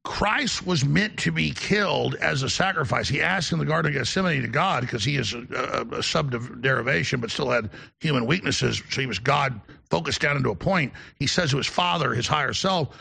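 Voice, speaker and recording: A man with a gravelly voice in casual chat, preaching in long rambling runs that stop and restart. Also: on the high side, animated, a little fast, pushed and bright. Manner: preachy, rambling, self-interrupting.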